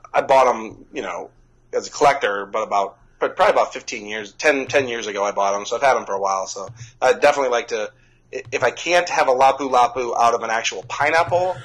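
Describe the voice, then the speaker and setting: A man's voice: mid-range voice, fairly bright tone, husky, poor audio. A man co-hosting a casual chat podcast, talking enthusiastically and rambling with frequent restarts. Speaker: podcast co-host.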